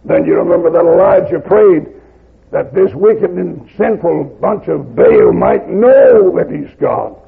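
A man preaching a sermon in a high, heavily gravelly, raspy voice, swinging wildly in pitch from quiet, folksy storytelling to shouted, fiery peaks. His plain country grammar carries the tale. The recording is tinny and lo-fi, like an old phone-line tape. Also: lively intonation, a little slow.

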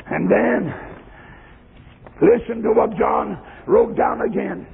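High, gravelly whooping preacher man. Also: slow pace, pauses often, a little hiss or hum. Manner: rising into shouted, sung whooping. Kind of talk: chanted sermon. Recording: tinny lo-fi recording in echoing hall.

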